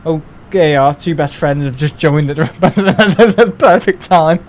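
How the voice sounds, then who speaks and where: A man's voice: a little high, unhurried, a little hiss or hum, rough recording. A young man, chatting casually on a live stream, rambling and grumbling as he talks. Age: young adult. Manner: rambling, grumbling, mimics other people in asides.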